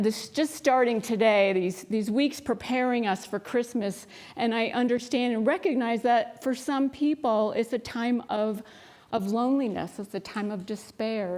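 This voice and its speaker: Woman minister preaching, slightly high. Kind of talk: sermon. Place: church sanctuary.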